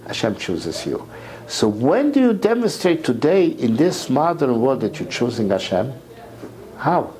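A man giving an impassioned sermon lecture, repeating words as his voice climbs to near shouts. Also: medium pitch, sing-song, a little slow, rough recording. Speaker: rabbi lecturer.

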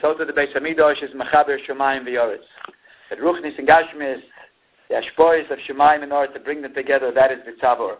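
A man teaching a Torah class, slowly translating phrases he has just read and rising in pitch when the story turns emotional. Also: fairly even intonation. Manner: mixes Hebrew and Yiddish terms into English, reads and translates phrases slowly; rises in pitch with emotion when recounting events. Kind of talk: Torah class explaining a lament text. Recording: tinny phone-line recording.

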